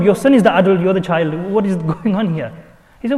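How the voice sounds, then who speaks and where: A man's voice: high-pitched, animated, brisk, dark tone. Man preaching with rhetorical questions, echoing hall. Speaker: imam. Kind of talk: sermon.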